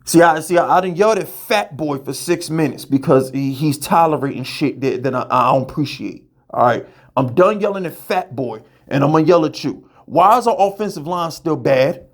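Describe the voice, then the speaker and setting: A man's voice: fairly high pitch, lively intonation, moderate pace. Fired-up profane man ranting. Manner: heated, profane, stammering repeats. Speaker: podcast host. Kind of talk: ranting fan commentary.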